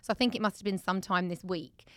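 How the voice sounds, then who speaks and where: A woman in her thirties chatting casually as a podcast co-host, telling an animated parenting story. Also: on the low side, fast, no echo. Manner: animated storyteller, acts out a child's voice in quotes. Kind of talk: casual chat.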